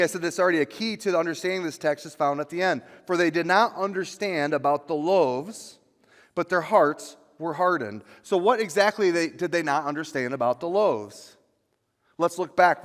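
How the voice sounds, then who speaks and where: A man preaches a sermon in a church, his somewhat high voice carrying a long reverb through the sanctuary. He presses hard on key lines, climbing louder and higher at his peaks. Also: moderate pace. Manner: rises to loud, high emphatic preaching on dramatic lines. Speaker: pastor.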